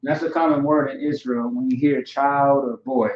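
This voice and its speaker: A man leads a casual word lesson, saying each term over several times and pausing often to check in. His voice is mid-pitched and sits in a roomy, echoing space. The recording is dull and lo-fi. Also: fairly even intonation, a little mellow, a little hiss or hum. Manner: repeats words slowly and checks in with "all right" and "okay". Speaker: language teacher. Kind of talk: informal vocabulary lesson. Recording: echoey room, dull lo-fi sound.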